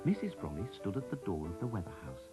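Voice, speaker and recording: A man narrating a children's storybook in a gentle, expressive way. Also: low voice, fast, poor audio. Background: soft music.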